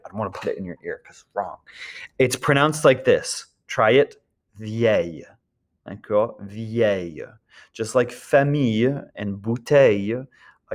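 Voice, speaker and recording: A man teaching French grammar in a patient, explanatory lecture, checking in often with his students. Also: mid-range voice. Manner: patient, explanatory, frequent "d'accord?" checks and "um" fillers.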